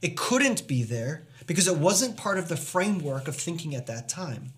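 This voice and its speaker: A man's voice: on the high side, very animated, normal speed. A man preaching a sermon as pastor, earnest and emphatic, posing rhetorical questions to the congregation.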